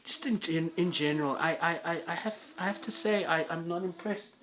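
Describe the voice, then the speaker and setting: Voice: mid-range voice, a little fast, pushed and bright. A vlogger delivering an angry, profane solo rant to viewers, with heated stammering restarts.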